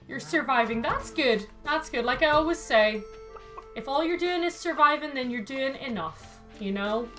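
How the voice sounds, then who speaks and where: A woman's voice: high voice, animated, a little slow, a bit bright, soft background music. A woman, chatting playfully as a streamer, laughing often and talking to her cat and her chat. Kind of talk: casual gaming stream chat.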